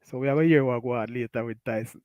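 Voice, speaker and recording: A man's voice: mid-range voice, fast talker, dry recording. A Jamaican man hosting a casual live stream, reading out chat comments and laughing often. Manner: laughs often, animated, Patois-flavored. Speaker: talk show host.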